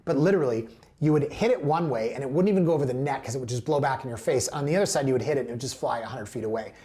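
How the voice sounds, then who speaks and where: A man's voice: mid-range voice, rapid-fire, mellow. Chatty man hosting a real estate show. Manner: chatty, prone to playful tangents. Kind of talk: casual commentary on listings.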